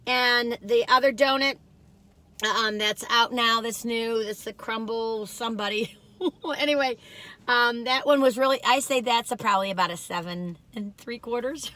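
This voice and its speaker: A woman in her sixties chats into the camera in a loose, wandering way, circling back with ums and restarts as she goes. Her voice has a bright, forward tone. She pokes fun at herself in little asides between her food ratings. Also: on the high side. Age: 60s. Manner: chatty, wandering, lots of fillers and restarts; self-deprecating, joking asides. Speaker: food review vlogger. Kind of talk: rambling casual storytelling.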